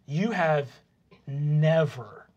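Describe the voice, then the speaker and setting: A man's voice: a little high, drawn-out words, dull audio, noisy background. A man narrating a tabletop game as game master, casual and hesitant with many fillers.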